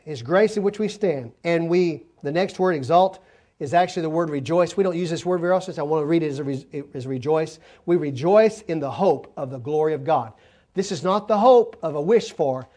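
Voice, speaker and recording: With a fairly high, somewhat mellow voice and a moderate pace, a preacher teaches his congregation by unpacking the meaning of words, inviting the listeners to help him.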